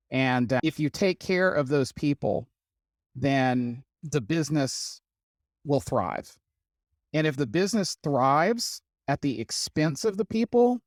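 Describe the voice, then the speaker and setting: A man's voice: medium pitch, no room sound, studio quality. A man speaking as a guest CTO in a panel discussion, emphatic and repeating his key points.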